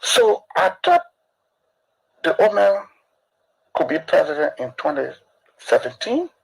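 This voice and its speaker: Man going on about politics, husky gravelly voice, lively ups and downs. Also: high voice, measured pace, low-quality recording. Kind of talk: opinionated street talk.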